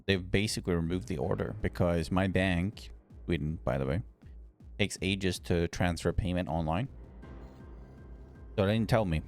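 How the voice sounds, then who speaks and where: A man's voice: low voice, moderate pace, darkish tone, faint music behind. A man streaming live, chatting casually and answering his chat in a rambling, grumbling, offhand way.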